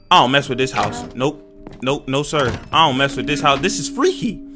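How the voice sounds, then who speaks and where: A young man giving jumpy, excitable, slang-filled commentary while playing a horror game and talking to his viewers. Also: medium pitch, moderate pace, music in the background. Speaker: gaming YouTuber.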